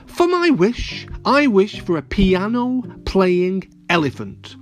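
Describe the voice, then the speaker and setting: A man's voice: high-pitched, big pitch swings, takes it slowly, faint music behind, full character voice. A man doing a cheery, joking storybook funnyman. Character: cheerful joking man who loves laughs.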